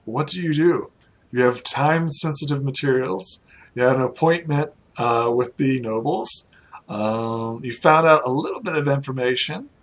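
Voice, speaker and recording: Slow-paced male game master who laughs a lot and talks with many fillers. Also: medium pitch. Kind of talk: narrating a tabletop game.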